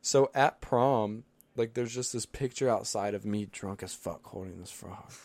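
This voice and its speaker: A man's voice: lowish voice, a little slow, a little mellow, no room sound. A young man telling laid-back, slangy stories as a podcast guest. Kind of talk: casual podcast chat.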